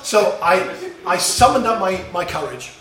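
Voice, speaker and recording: A man's voice: high-pitched, lively intonation, unhurried, fairly bright tone, far from the mic. Man musing in a roomy room. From England. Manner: storytelling, musing, with small restarts. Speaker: speaker. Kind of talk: reflective personal talk. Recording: roomy echo, voice a bit off-mic.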